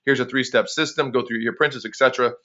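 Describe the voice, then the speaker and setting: A man leading a motivational conference call for his sales team, energetic and preachy, repeating phrases for emphasis. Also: mid-range voice, fast. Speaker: network marketing team leader. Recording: dull lo-fi phone call audio.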